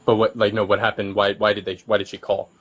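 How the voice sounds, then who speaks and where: A man working as a police officer, patiently explaining things to a resident with many halting restarts, recorded on his bodycam. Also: on the low side, monotone. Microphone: his own bodycam.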